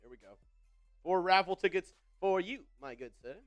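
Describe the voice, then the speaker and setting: A man's voice: sits high, normal speed, dull audio, soft background music. A man hosting a live football watch party in upbeat, casual chat, reading out viewer comments with frequent fillers and repeated phrases.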